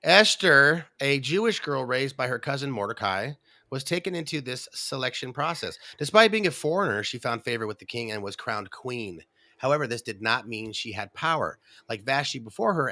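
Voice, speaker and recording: Guy reading bible history notes on a chat show, bright voice, dry sound. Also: medium pitch, lively intonation, quick pace, no echo. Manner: reads notes aloud, jokes in between. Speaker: co-host. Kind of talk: casual Bible study chat.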